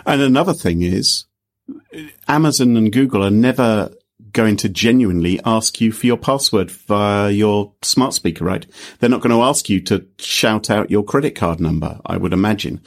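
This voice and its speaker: A man's voice: on the low side, normal speed. A man co-hosting a casual tech podcast, with jokey, playful asides. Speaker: podcast co-host.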